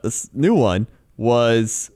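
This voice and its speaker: A man's voice: mid-range voice, expressive, extremely slow, mellow. A man co-hosting a podcast, telling a story in casual chat, mimicking voices and laughing often. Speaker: podcast co-host.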